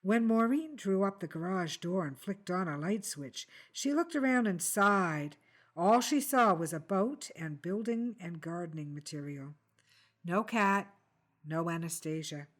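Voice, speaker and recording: Woman author, reads her crime fiction in an even, unhurried way. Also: lowish voice. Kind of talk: reading a crime story aloud.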